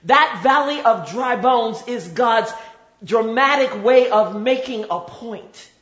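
A woman preaching a sermon in a measured, rhythmic way, with dramatic repetition. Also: a little high. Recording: roomy, slightly dull recording.

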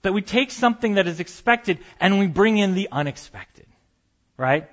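A man's voice: high-pitched, expressive, normal speed, fairly bright tone, muffled recording. A man preaching a sermon as pastor, conversational and storytelling, with light humor.

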